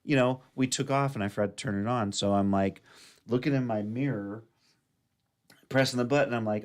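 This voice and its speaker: A man's voice: mid-range voice, steady tone, a little fast. A man, a radio show host, telling a rambling motorbike story in casual chat.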